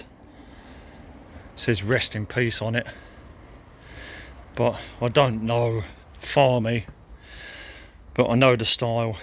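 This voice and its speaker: Guy vlogging on a lakeside walk, slow and unhurried, bit sore, thinking out loud, faint outdoor hiss. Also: medium pitch. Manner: slow, musing, thinking aloud. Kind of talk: casual walking commentary. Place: outdoors by a lake, walking.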